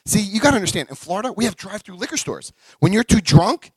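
A middle-aged man giving a personal recovery talk, an animated storyteller who acts out quotes and swings between quiet and loud. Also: high voice, fast talker, husky, dry recording, rough recording. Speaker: recovery speaker.

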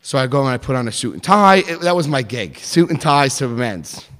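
A man telling a personal story in an animated way, acting out the voices of others. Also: mid-range voice, a little fast, big-room sound.

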